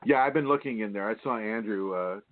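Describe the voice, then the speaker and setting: A man hosting a spiritual radio talk show, teaching in an animated way, mimicking whiny voices and laughing often. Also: fairly low pitch, fairly quick, no room sound. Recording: tinny phone line, dry.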